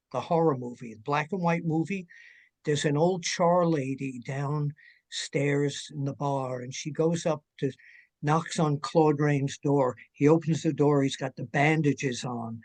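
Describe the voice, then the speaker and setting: Older man, guest storyteller, jokey, energetic, slightly high voice. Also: measured pace. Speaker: guest, wrestling journalist. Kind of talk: casual chat.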